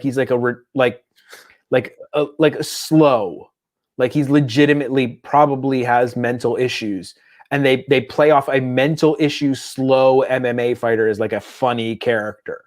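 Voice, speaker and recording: A man in casual podcast chat, his voice sitting at an ordinary middle pitch. He rambles from one story to the next, chasing tangents. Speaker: podcast co-host.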